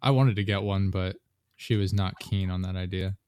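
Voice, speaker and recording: A man's voice: low-pitched, steady tone, normal speed, darkish tone, clear, resonant tone. A man chatting as a podcast guest, rambling with plenty of fillers and hedges. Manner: rambling, lots of "like" and hedging. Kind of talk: casual chat.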